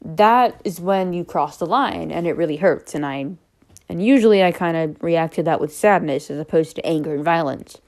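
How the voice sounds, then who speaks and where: A woman's voice: low voice, normal speed, a little mellow. A young woman talking to camera about personal matters, rambling, unscripted and candid, with frequent fillers. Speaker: vlogger.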